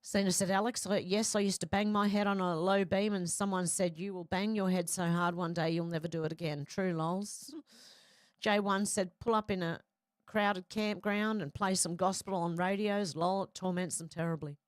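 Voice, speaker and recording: A woman's voice: lowish voice, steady tone, moderate pace, dry recording, clean studio sound. A middle-aged woman hosting a casual live chat, reading viewer comments aloud and reacting with frequent laughs. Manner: chatty, laughs often, reads comments aloud.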